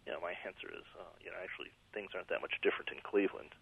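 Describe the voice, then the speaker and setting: A man's voice: deep voice, racing, gravelly, breathy edge. A man from the American Midwest, a guest author in a radio call-in interview, speaking earnestly and reflectively with frequent restarts over the phone. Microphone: telephone. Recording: tinny phone line.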